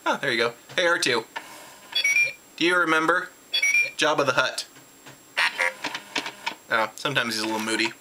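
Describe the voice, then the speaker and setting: A tired man at home, rambling excitedly through a casual convention recap with lots of restarts. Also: moderate pace, long pauses, very noisy. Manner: jumps high in pitch when retelling his reactions. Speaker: vlogger reviewing a convention.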